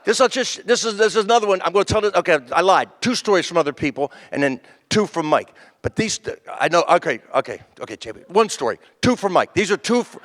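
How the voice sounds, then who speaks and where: A man in his fifties, a comedian telling rambling stand-up stories at a memorial tribute on a stage, acting out the people in them. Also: fairly high pitch. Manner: rambling, animated, acts out quoted voices. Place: stage in front of a live audience.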